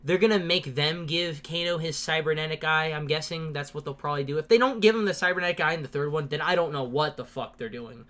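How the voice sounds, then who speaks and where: Podcast host, profane, excitable, laughs a lot, casual movie-review rant, mid pitch. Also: quick pace, hardly any pauses. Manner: laughs often while talking.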